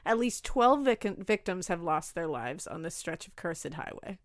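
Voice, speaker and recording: A woman co-hosting a podcast, talking in loose, animated chat. She swears freely and laughs often. The sound is dry and close, with no room around her voice. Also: lowish voice, moderate pace, dry recording. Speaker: podcast co-host. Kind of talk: casual chat.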